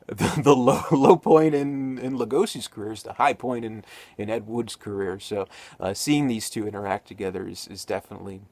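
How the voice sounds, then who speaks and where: A man's voice: fairly low pitch, moderate pace, a little mellow, no echo. A man giving a casual spoken movie review, rambling with many fillers and restarts.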